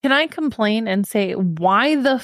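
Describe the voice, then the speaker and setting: A young married woman co-hosting a book podcast, talking excitedly and emphatically with lots of swearing. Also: mid-range voice, unhurried, no echo, clean studio sound. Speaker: podcast co-host. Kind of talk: casual book chat.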